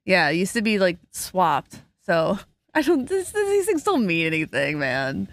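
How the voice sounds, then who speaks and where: A woman's voice: lowish voice, wildly swooping pitch, unhurried. A young adult woman hosting a podcast, chatting casually and playfully with a guest at a gear show, laughing often. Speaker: podcast host. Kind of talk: casual interview chat. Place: busy gear show floor.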